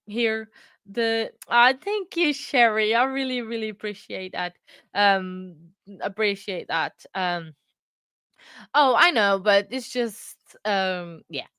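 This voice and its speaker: A woman's voice: mid-range voice, fairly bright tone, smooth, no echo, studio quality. Bubbly woman with a Portuguese accent. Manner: chatty and bubbly, thanking chat often. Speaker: livestream host. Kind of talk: casual livestream chat with viewers.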